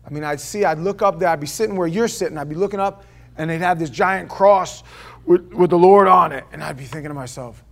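A man preaching a sermon to a congregation, telling stories and then reading scripture aloud, swinging between loud declaiming and hushed asides. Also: on the high side, fairly quick, creaky, slight background noise. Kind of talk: sermon with personal storytelling. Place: church before a live congregation.

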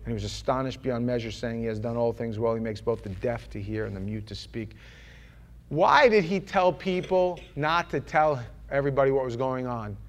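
A man preaching a sermon in a loose, conversational way, rambling with restarts and often dropping to a quiet murmur. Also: medium pitch, lively intonation, normal speed, lo-fi sound.

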